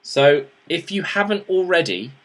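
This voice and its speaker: A man's voice: on the high side, sing-song, a little slow, a bit bright. A man hosting a casual show-and-tell review, chatty and rambling with restarts and fillers, turning earnest and pleading when he urges viewers to act. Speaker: host reviewing vaping gear.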